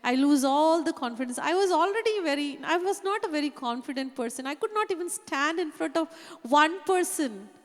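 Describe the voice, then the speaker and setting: A woman's voice: sits high, lively intonation, brisk, few pauses. A woman preaching, telling a personal story earnestly and often saying "you know". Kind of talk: sermon testimony. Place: church hall. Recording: long reverb of a hall.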